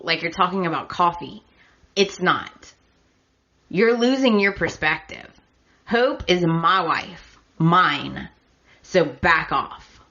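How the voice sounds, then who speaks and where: A woman's voice: lowish voice, bright, forceful tone, exaggerated voice. A woman voicing an upset young husband who firmly pleads with a rival, in a dull lo-fi recording.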